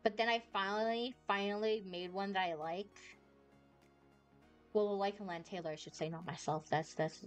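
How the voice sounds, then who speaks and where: A woman's voice: mid-range voice, fairly quick. Bubbly woman VTuber, rambling game commentary, squeals when startled, faint music behind. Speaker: VTuber streamer. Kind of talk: casual gameplay commentary.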